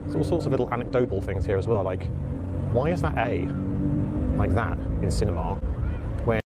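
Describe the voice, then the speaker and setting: A man's voice: lowish voice, lively intonation, normal speed. A man walking a city street, pointing things out in a musing, hesitant way. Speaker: video narrator. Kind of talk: casual on-the-street commentary. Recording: outdoor field recording with traffic noise.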